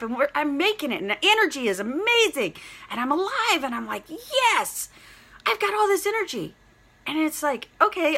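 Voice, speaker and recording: A middle-aged woman vlogger with a high-pitched voice talks casually to the camera. She rambles excitedly, greets viewers by name, and fills her speech with "like" and "literally."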